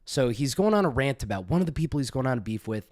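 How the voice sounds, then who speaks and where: A man's voice: medium pitch, sing-song, quick pace, darkish tone, dry recording, studio quality. A man doing profane, mocking reaction commentary, sarcastic and incredulous, swearing often.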